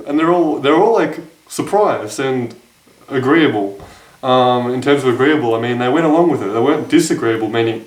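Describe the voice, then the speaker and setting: Young male vlogger, mid-pitch, rambling and self-correcting, a bit off-mic in a roomy space. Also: brisk, distant mic. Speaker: dating advice vlogger. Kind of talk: casual storytelling to camera. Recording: echoey room, voice off-mic.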